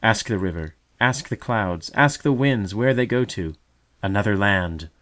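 A man's voice: lowish voice, animated, unhurried, fairly bright tone. A man doing a tender mother songbird. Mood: fervent. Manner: tender, earnest, uplifting. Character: gentle hopeful mother songbird.

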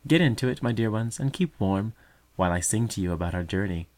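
A man's voice: fairly low pitch, lively intonation, fast, darkish tone, lightly acted. Mother bird, tender and earnest, uplifting — male narrator's raised voice. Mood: soothing. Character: gentle hopeful mother songbird.

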